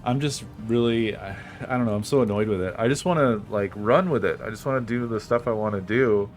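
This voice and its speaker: A man with a fairly low, brisk voice streams a game and chats casually. Frustrated, he vents and swears often, and he says he isn't feeling well.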